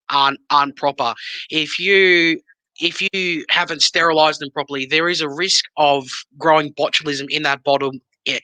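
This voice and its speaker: Bright, halting man. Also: a little high, no room sound. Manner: halting, many restarts and fillers. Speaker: sauce maker guest. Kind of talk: casual interview.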